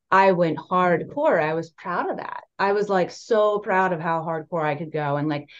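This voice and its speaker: A young woman tells her story in a candid, loose conversational way, leaning on fillers and asides. Her voice sits on the low side for a woman. The recording sounds dull and muffled. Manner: candid, animated, many fillers like "like" and "right". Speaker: podcast guest.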